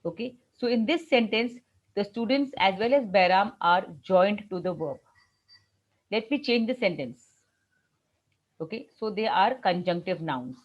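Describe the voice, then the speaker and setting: A woman's voice: mid-range voice, lively intonation, measured pace, lo-fi sound. A woman with an Indian English accent teaching a French grammar lesson, patiently explaining step by step and repeating the rules.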